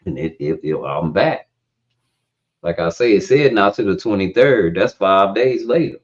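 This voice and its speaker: A man talks loosely through a live stream, rambling from one point to the next. His voice sits low, and the audio is dull and lo-fi. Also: lively intonation, moderate pace. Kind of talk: casual chat.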